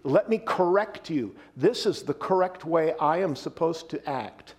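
A man's voice: fairly high pitch, animated, measured pace. A male preacher voicing Eve as a firm young woman correcting the serpent in his own plain voice. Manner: firm, matter-of-fact.

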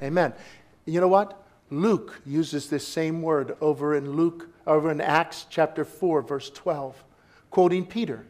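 Male pastor, sermon, high voice, emphatic, loud peaks and hushed asides, calls for responses. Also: measured pace. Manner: emphatic, rising to forceful exclamations and dropping to soft asides.

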